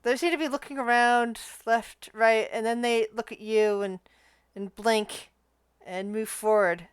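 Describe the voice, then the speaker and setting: A woman's voice: on the high side, fairly even intonation, measured pace, clear, resonant tone, no room sound. A woman running a tabletop game as game master, narrating in a rambling, filler-heavy way.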